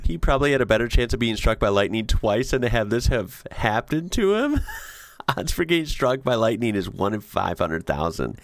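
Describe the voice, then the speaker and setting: A man hosting a casual reaction video, excitable and slangy, laughing often as he comments on clips. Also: lowish voice, no room sound, clean studio sound.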